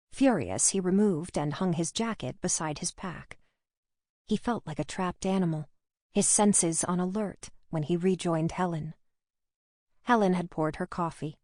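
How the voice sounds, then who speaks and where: Woman reading a crime audiobook, steady even delivery, lowish voice, dry close sound. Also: no echo. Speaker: audiobook narrator. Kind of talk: scripted narration.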